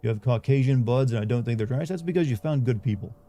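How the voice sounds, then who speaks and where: A man's voice: medium pitch, fast, dark tone. A young man chatting casually on a livestream, rambling and candid as he talks to his viewers.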